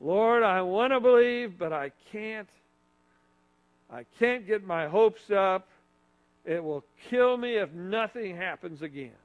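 A man's voice: sits high, expressive, takes it slowly, phone-quality sound. A man in a sermon acting out a troubled middle-aged father of a sick boy, speaking plainly. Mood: despairing.

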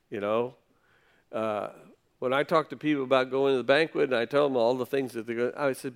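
Speaking at a normal speed, a man with a medium-pitched, expressive voice and some vocal fry preaches a sermon. He reads scripture and then explains it in casual, conversational language.

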